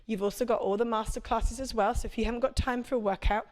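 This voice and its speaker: A woman's voice: on the high side, fairly even intonation, fast, darkish tone. A woman, a prenatal fitness instructor, coaching a live workout class with chatty, encouraging cues and check-ins.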